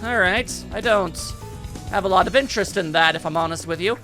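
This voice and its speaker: A man's voice: high-pitched, fairly quick, sharp tone, soft background music. A man giving casual, jokey, rambling commentary while playing a video game. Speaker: let's play host.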